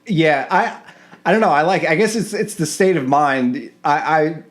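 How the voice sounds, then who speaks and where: Easygoing man co-hosting, slightly higher voice. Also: animated, normal speed. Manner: easygoing, chuckling, loose. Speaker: podcast co-host. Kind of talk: casual chat.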